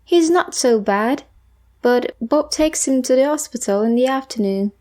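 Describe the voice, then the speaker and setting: A gentle storybook mom, patient and soothing, calling everyone honey, as a woman reader voices her. The voice is high and slow, a simple read-aloud for children. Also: animated. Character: caring mother, patient and gentle.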